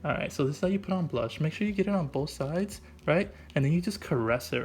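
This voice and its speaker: A man's voice: a little high, fast, few pauses, darkish tone, slight background noise. A man doing an improvised comic voice-over, rambling and goofy, packing his talk with "like" and "right?". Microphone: voice-over mic.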